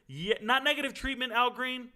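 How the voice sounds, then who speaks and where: A man's voice: extremely high pitch, moderate pace, sharp tone. A middle-aged man hosting a casual sports Q&A, blunt and opinionated, wandering into stories. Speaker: sports commentary host answering viewer questions. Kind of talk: casual live Q&A chat.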